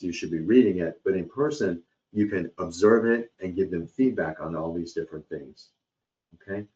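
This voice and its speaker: A man with a fairly low voice leads a live training webcast on hospitality. He talks in a loose, conversational way and often checks in with his listeners. The sound is dull and lo-fi, like audio from a computer mic. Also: darkish tone. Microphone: computer or headset mic on a webcast.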